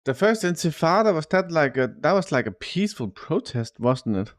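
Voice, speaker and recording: A man's voice: a little high, sing-song, normal speed, dry recording, clean studio sound. A man live streaming and chatting casually about the news, loose and swearing, calling his viewers "dude" often. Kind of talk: casual chat.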